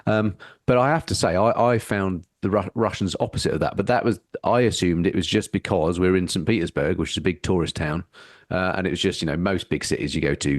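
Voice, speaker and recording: Deep-voiced, well-spoken Englishman talking quickly. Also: no echo, studio quality. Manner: articulate, fond of tag questions. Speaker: podcast guest, motovlogger. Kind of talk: casual podcast chat.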